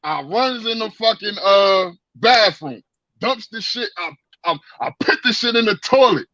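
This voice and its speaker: A man telling a story in a casual chat, animated and profane, with lots of stammered restarts, on dry lo-fi stream audio. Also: high voice, measured pace, no room sound. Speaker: guest.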